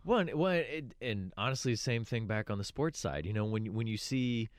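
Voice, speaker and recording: Low-voiced guy cohosting a talk show, calm and agreeable, dry mic. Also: moderate pace, no echo. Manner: steady, agreeable, backchannels often. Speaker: radio show co-host. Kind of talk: casual talk show chat.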